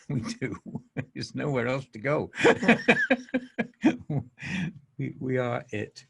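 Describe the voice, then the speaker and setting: A man's voice: mid-range voice, sing-song, drawn-out words, vocal fry, fairly bright tone, breathy edge. A man with a Manchester accent hosting a podcast, talking in a rambling, enthusiastic way and laughing often. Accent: Mancunian. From England. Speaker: podcast host. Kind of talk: casual monologue.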